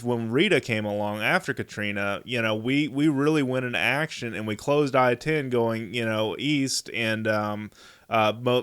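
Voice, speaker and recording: A man's voice: mid-range voice, fairly bright tone, clean tone. A man hosting an interview, enthusiastic and rambling. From Texas. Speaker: host. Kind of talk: interview talk.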